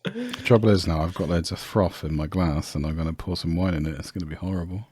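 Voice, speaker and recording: A man's voice: sits low, expressive, fast talker, darkish tone, a little hiss or hum. A man co-hosting a casual podcast, enthusiastic and mock-serious, laughing easily. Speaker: podcast co-host. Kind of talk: casual chat.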